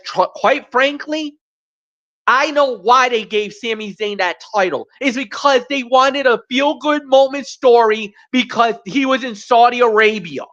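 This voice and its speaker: Slow, blunt ranting woman. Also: on the high side, fairly bright tone. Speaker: wrestling show co-host. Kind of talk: opinionated wrestling commentary. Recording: dull lo-fi stream audio.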